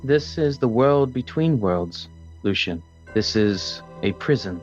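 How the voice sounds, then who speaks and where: A man voicing a calm, sorrowful female queen in a tabletop game podcast, speaking softly and with measured solemnity. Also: lowish voice, highs cut off, faint music behind.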